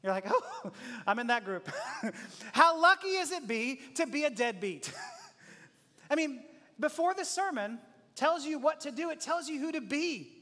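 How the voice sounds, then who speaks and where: A man's voice: extremely high pitch, animated, measured pace, pushed and bright. A man preaching a conversational sermon who acts out short prayers and everyday dialogues and often chuckles. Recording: long hall reverb.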